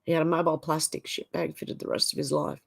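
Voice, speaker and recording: An Australian woman hosting a livestream reads viewer comments aloud and chats back informally. She has a low-pitched voice with vocal fry, fairly even intonation and a quick pace.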